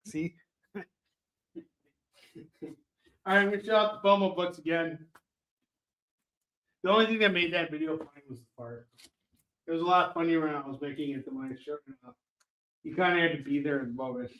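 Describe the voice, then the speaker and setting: A man's voice: fairly high pitch, fairly bright tone, dull audio. Chatty man hosting a live sales stream. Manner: chatty, talks to viewers by name, quick apologies and self-mocking jokes. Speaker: live shopping stream host.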